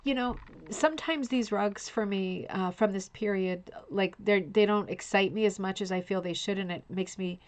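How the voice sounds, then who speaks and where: A woman's voice: medium pitch, normal speed. A woman hosting a casual live online show, talking effusively and addressing viewers by name. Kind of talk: casual livestream commentary.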